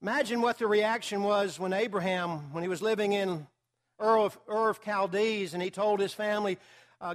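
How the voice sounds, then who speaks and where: A man's voice: high-pitched, steady tone, moderate pace. A male pastor preaching a sermon in a conversational, storytelling manner, with occasional filler words.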